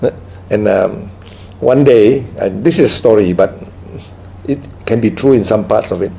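Creaky-voiced man giving a dharma talk. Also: on the low side, dark tone, slight background noise, low-quality recording. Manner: tag questions like "right?" after nearly every point; unhurried, storytelling delivery. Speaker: Buddhist teacher. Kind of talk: dharma talk with audience questions.

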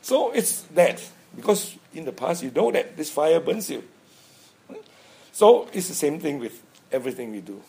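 Husky man giving a dharma talk. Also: a little high, big pitch swings, normal speed, a little mellow. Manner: chatty, chuckles often, frequent tag "right?". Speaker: Buddhist teacher.

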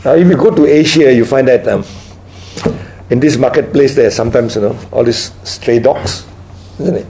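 Creaky-voiced man giving a dharma talk. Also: mid-range voice, dark tone, a little hiss or hum, poor audio. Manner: tag questions like "right?" after nearly every point; unhurried, storytelling delivery. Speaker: Buddhist teacher. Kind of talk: dharma talk with audience questions.

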